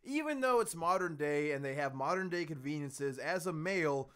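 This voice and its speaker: Man, podcast co-host, bright and crisp voice, animated swearing storyteller. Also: on the high side, normal speed. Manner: animated, profane, laughing storyteller. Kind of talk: casual storytelling chat.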